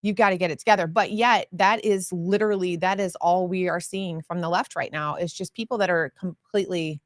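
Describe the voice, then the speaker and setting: A woman co-hosting a casual political podcast, her voice on the lower side. She talks emphatically, piling on fillers as she goes. The recording is dry and close. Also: fairly even intonation, dry recording. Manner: emphatic, fast-flowing, many fillers. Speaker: podcast co-host.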